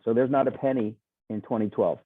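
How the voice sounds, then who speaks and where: Over a tinny, phone-like video call with a dry sound, a man guest-speaks in a casual, enthusiastic sales pitch, rambling and restarting often. His voice sits at a medium pitch with a steady tone, moving fairly quickly with no echo.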